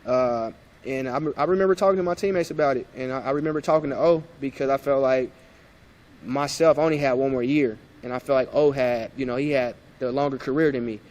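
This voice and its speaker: A man's voice: medium pitch, quick pace. A man in his thirties, a former point guard, telling stories in a casual podcast interview and acting out old conversations. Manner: animated, acts out past conversations.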